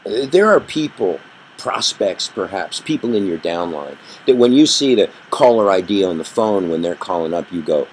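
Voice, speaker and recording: A man teaching a communication workshop, telling a story with an animated delivery that rises and drops for effect. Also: deep voice, moderate pace, husky, poor audio. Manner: animated storyteller, rising and dropping his voice for effect. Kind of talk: storytelling lesson.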